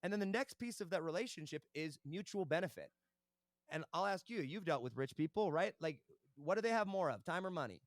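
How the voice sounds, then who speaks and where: A young man speaks fast and eagerly as an interview guest, recounting his business deals. His voice sits a little high, and the recording is dry and close. He keeps checking in with "right?" as he goes. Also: lively intonation, no room sound. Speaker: podcast guest, entrepreneur. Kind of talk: casual interview storytelling.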